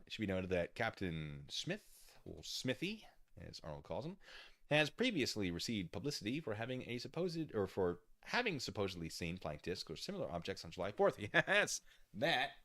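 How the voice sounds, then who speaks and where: Tired rambling man, lively low voice. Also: fairly quick. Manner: rambling, self-interrupting, muttering asides. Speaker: streamer. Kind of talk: casual livestream chat while reading documents.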